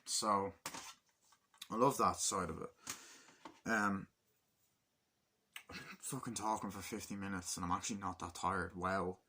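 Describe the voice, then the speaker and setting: A man talks through a film in a loose, rambling review, swearing freely and stacking up fillers. His voice sits on the low side with a sharp, forceful edge. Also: fairly even intonation, measured pace, pauses often, a little hiss or hum. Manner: rambling, profane, acts out scenes in quoted voices. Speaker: movie reviewer. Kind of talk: casual movie review monologue.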